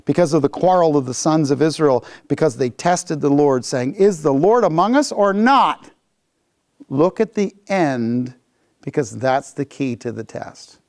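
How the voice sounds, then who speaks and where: A man teaching a Bible class, lively and animated, acting out the people's complaints as he reads. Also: a little high, clean tone.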